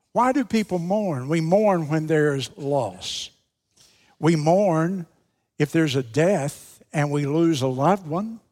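A man with a somewhat high voice delivers a sermon in an easygoing, conversational way, often putting questions to his listeners. His voice rings out with a long reverb, as if spoken in a church sanctuary. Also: a little mellow. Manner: conversational preaching with rhetorical questions. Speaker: pastor.

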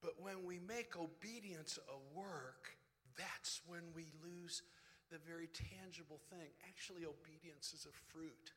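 A man preaching a sermon as a pastor, animated, sometimes dropping to a hushed whisper. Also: on the high side, measured pace. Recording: preached in a reverberant hall.

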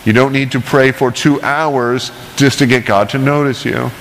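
A man's voice: medium pitch, fairly even intonation, normal speed, a bit bright, long reverb tail, a little hiss or hum, low-quality recording. A male pastor preaching a casual, conversational sermon with chatty, self-deprecating asides and frequent "right?" checks.

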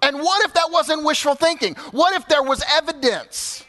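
A man in his fifties, a pastor preaching a sermon, animated and building to emphatic peaks. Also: very high-pitched, measured pace. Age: 50s. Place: church sanctuary.

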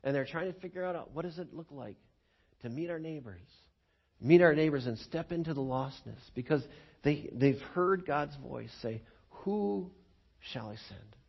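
A man preaching a sermon as pastor, telling stories with lively acted-out voices and frequent chuckles. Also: on the high side, moderate pace, gravelly, slightly rough. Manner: animated storytelling, acts out quoted voices, chuckles often.

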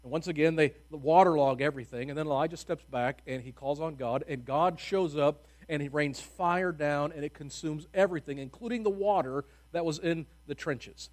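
A man preaching a sermon in a casual, humorous storytelling way, with sudden loud bursts of emphasis and hushed, quiet drops. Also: on the high side, normal speed, hardly any pauses.

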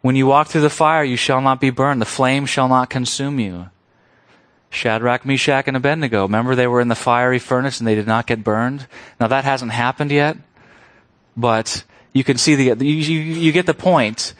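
A man's voice: mid-range voice, steady tone, normal speed, a bit bright, no echo. A man preaching a sermon, explaining a scripture passage with emphasis and rhetorical questions. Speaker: pastor.

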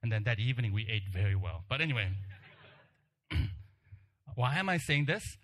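At a moderate pace and medium pitch, a man delivers a sermon built around an animated personal story. He acts out what the crowd shouted, then softens to a hushed tone to stress his point.

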